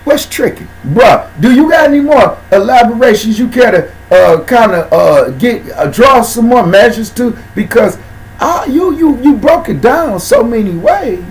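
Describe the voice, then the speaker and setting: A man hosting a casual talk show, speaking in slang and shouting out viewers by name. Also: very high voice, low-quality recording. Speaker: host.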